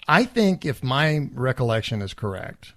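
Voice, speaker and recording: A man co-hosting a podcast, talking in a measured, reflective way with many fillers. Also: medium pitch, very animated, fairly bright tone, dry recording. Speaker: podcast co-host. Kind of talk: casual chat.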